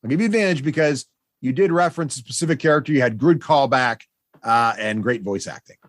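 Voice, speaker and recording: A man running a tabletop game as game master, playful and animated. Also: mid-range voice, fast, no room sound.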